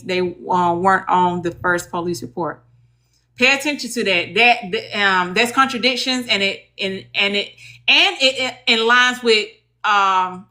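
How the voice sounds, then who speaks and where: Bright chatty Southern woman. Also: mid-range voice. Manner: chatty, folksy, addresses viewers as y'all. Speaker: legal advocate livestream host. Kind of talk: casual livestream talk.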